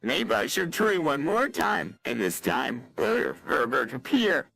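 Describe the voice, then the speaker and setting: A text-to-speech voice playing a dim, earnest teenage boy from a cartoon, with a flat synthetic delivery. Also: a little high, takes it slowly, gravelly, faint music behind, exaggerated voice. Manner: flat synthetic voice, stumbling over words.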